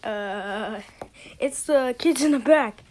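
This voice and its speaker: A woman's voice: on the high side, takes it slowly, a little mellow, slight background noise. A woman voicing a cheeky, troublemaking young male bird pupil who mutters back-talk. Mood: sassy.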